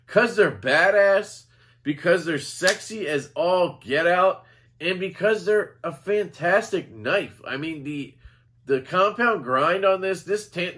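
A man's voice: a little high, sharp tone. Profane, enthusiastic American man. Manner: profane, enthusiastic, rambling with many fillers. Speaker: knife reviewer. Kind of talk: casual product review.

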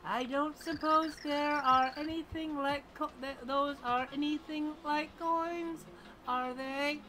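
A woman's voice: sits high, fairly even intonation, slow pace, sharp tone, voice pushed up, full character voice, poor audio. A woman reading the lines of a polite, formal little female guide in a game.

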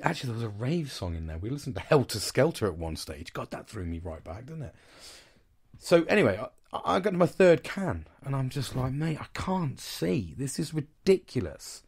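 A man hosting a podcast, telling a long casual story with fillers, restarts and swearing. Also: sits low. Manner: rambling, chatty, swears freely, many fillers and restarts. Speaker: podcast host.

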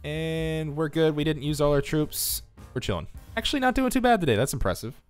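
A man's voice: fairly high pitch, animated, brisk, smooth, soft background music. A tired man from the United States giving casual, joking live-stream commentary on a strategy game and reading chat aloud. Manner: chatty, reads chat aloud, joking asides.

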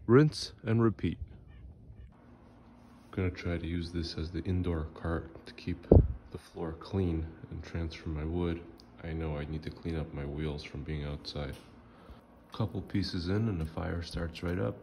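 A man's voice: low-pitched, unhurried, very noisy. A man vlogging about his morning chores in a wry, joking way, whispering early on. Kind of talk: casual home vlog.

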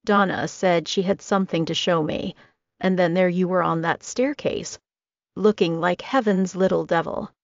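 A woman reading an audiobook voices a tender, caring young man who talks in a soft, confiding way. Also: fairly low pitch, normal speed, vocal fry, no echo. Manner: gentle, hushed and confiding. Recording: dull lo-fi dry recording.

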